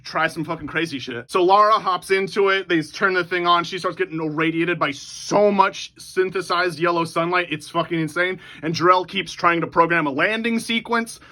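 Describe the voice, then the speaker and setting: A man rattles off his own superhero movie pitch as a comedic, rapid-fire story, swearing freely and getting excited. His voice sits high and sounds bright and forceful. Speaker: movie pitch channel host.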